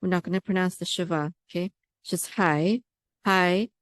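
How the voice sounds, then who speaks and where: A woman teaching Hebrew pronunciation, patiently repeating words slowly for practice. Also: fairly low pitch, flat delivery, dry recording, clean studio sound.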